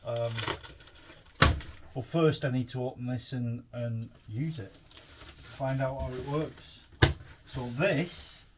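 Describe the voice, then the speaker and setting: A man's voice: mid-range voice, slow, pauses often, very noisy. A man chatting casually in his home garage as he unboxes and reviews a tool, rambling and thinking aloud as he goes. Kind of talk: casual chat while unboxing.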